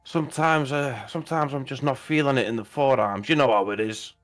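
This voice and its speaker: A man's voice: medium pitch, a little fast, a bit bright. A man playing a tabletop game, joking as he talks for his big brawny character. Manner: jokey, in-character bragging. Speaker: player.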